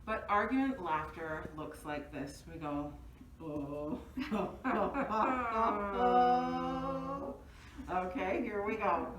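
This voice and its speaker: A woman's voice: fairly low pitch, expressive, unhurried, few pauses, fairly bright tone, distant mic, slight background noise. A woman teaching laughter yoga, cheerfully guiding exercises with rhythmic ho-ho-ha-ha laughing. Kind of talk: leading laughter exercises and being interviewed. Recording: echoey room, voice from off-mic.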